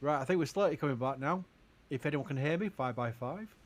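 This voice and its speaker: A man hosts a casual live-stream Q&A, reading viewer questions aloud. His voice sits somewhat high. He answers with care, stresses what he doesn't know, and breaks into short laughs between points. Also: a little fast.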